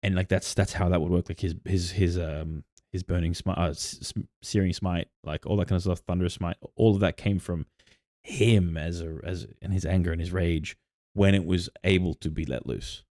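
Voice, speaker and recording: A man's voice: sits low, moderate pace, darkish tone, dry recording, clean studio sound. A man co-hosting a podcast, recounting his tabletop campaign in rambling casual chat full of fillers and restarts. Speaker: podcast co-host and game master.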